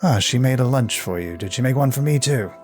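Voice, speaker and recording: A man voicing a clumsy drunk fisherman in a low, mumbling voice. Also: animated, brisk, a little mellow, faint music behind, close to an everyday voice. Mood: tipsy.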